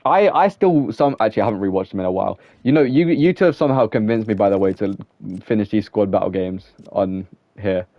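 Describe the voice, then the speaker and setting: A man's voice: lowish voice, lively intonation, quick pace, hardly any pauses, no room sound, muffled recording. A young man streaming a game, chatting casually with viewers in a rambling way, filling his talk with "like" and breaking into laughter. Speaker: gaming streamer. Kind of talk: casual live-stream chat while playing.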